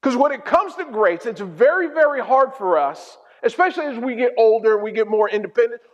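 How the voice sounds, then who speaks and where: High-voiced preacher in an echoey hall. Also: male voice, fairly quick. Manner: storytelling, animated and humorous. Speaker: pastor. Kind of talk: sermon. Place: church hall. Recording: dull sound in a reverberant hall.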